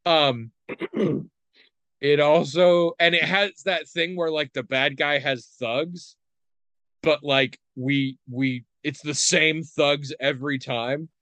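A man's voice: a little high, slow, sharp tone, no room sound. Dry-voiced man rambling wryly. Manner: rambling, wry, many fillers. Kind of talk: casual chat.

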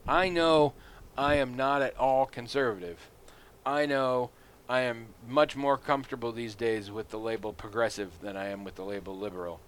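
A man's voice: medium pitch, normal speed, a little hiss or hum. Man chatting playfully, faint room ambience. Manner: playful, acts out scenes in silly voices. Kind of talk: casual chat.

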